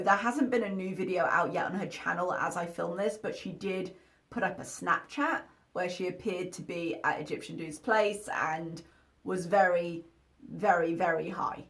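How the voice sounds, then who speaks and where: A woman with a fairly low voice talks over a video she is reacting to. She comments candidly and critically, with chatty asides. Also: a bit bright.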